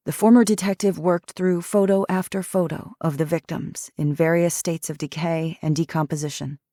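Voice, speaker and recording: A woman narrating an audiobook in a measured, steady storytelling manner. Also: sits low, no echo, studio quality.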